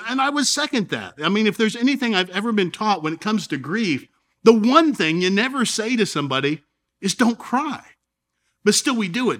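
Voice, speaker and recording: A man preaching a sermon as a pastor, earnest, with dramatic pauses and sudden drops and rises in volume. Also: high-pitched, a bit bright.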